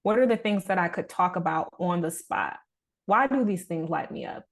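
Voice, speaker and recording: A young woman with a lowish voice talks as a podcast guest. She is earnest and reflective, and she keeps coming back to motivational points in a relaxed, conversational way. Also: moderate pace.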